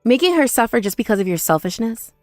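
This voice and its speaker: A woman's voice: fairly high pitch, big pitch swings, fast talker, darkish tone, no echo, clean studio sound, faint music behind. A young woman telling a first-person dramatized story in an indignant, accusing manner. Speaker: narrator and protagonist.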